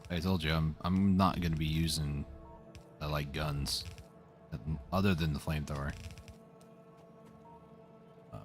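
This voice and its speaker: A man's voice: very deep voice, steady tone, a little slow, pauses often, soft background music. A man hosting a co-op gameplay session, chatting casually in a laid-back, teasing way. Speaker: let's play host.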